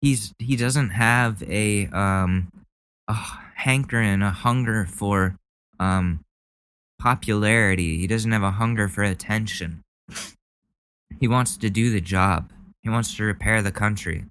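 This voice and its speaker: A man's voice: fairly low pitch, unhurried, a bit bright, smooth, no room sound. A man hosting a podcast, commenting on clips in a sarcastic, rambling casual way. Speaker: podcast host.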